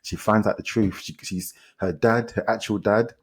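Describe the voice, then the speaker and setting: A man with a London accent on a film podcast, retelling a documentary's story in a casual, animated way and acting out people's lines. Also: on the low side, moderate pace, a little hiss or hum. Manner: animated retelling, quotes people in character, repeats himself. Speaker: podcast co-host reviewing films. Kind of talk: casual chat.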